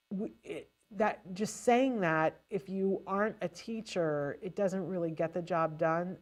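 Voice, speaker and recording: A woman hosting a live show, giving parents advice on language delay and acting out the playful lines they say to a child. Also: lowish voice. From California, USA. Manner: animated, acts out playful baby talk to a child. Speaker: host.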